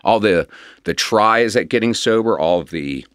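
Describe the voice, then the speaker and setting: Low voiced guy telling his sobriety story, swoops up and down a lot, earnest and rambling. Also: expressive, fairly bright tone, dry recording, studio quality. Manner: earnest, emotional, rambling with restarts and quick laughs. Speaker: guest sharing his recovery story. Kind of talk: candid conversational storytelling.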